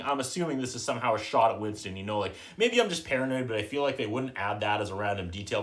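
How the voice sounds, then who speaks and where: Man, podcast host, dry sarcastic recap, mid-pitched voice, self-deprecating asides. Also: fairly bright tone. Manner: dry, joking, quotes characters in quick put-on voices. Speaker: podcast host reviewing a movie.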